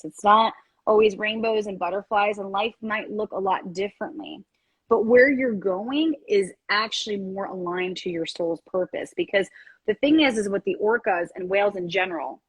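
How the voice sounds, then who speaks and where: A woman hosting a live-stream card reading, speaking in a gentle, rambling way with many fillers. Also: mid-range voice, husky, no echo, poor audio. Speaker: card reader and reiki host.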